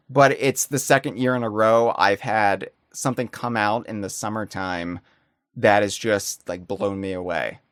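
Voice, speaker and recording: A man hosting a podcast, chatting casually and telling stories with excitable energy. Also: medium pitch, dry recording, clean studio sound. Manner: animated, excitable storytelling. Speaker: podcast host. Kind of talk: casual chat.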